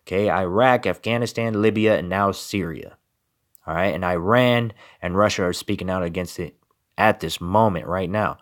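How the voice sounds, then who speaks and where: A man's voice: low-pitched, brisk, fairly bright tone. A man giving emphatic political commentary and reading scripture, with repeated rhetorical questions. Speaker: religious commentator.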